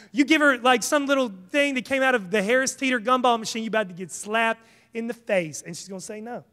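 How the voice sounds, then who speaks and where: A man preaching a sermon, conversational and animated, mixing jokes and acted asides into his points. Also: extremely high pitch, a little fast. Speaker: pastor. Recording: hall reverb.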